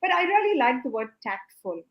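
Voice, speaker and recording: A woman's voice: sits high, very animated, fairly quick, dull audio, a little hiss or hum. Friendly woman hosting a livestream. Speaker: host. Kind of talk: hosting a live-streamed chat.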